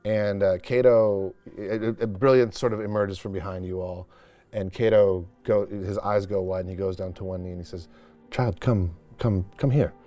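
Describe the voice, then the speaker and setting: A man with a low voice narrates a tabletop game as game master, rambling casually and often restarting his sentences. Soft music plays faintly behind him. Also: fairly even intonation, moderate pace.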